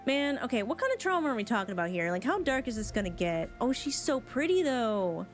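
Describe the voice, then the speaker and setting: A woman streamer reacting to a game between dialogue lines, chatty and excitable. Her voice sits somewhat high. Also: a little fast, faint music behind. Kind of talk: reading a game aloud and reacting.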